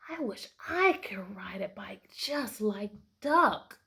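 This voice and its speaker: A woman voicing a small wistful male farm mouse in a storybook read-aloud, with high squeaks and a soft wishful whisper. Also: extremely slow, exaggerated voice.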